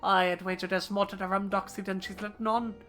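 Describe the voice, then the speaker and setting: A woman's voice: medium pitch, level tone, fairly quick, a bit bright, lightly acted. A wry male rogue full of old slang, cocky and knowing, as a woman reads him aloud. Faint game music plays behind him. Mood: sly. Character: slangy roguish male thief, sly and wry.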